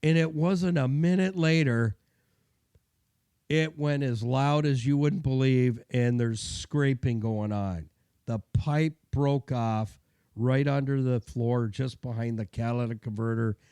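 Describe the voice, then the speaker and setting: A man's voice: medium pitch, measured pace, dark tone, smooth, no room sound. A middle-aged man, a mechanic telling a chatty, self-deprecating story and giving car care tips. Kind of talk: casual storytelling and advice.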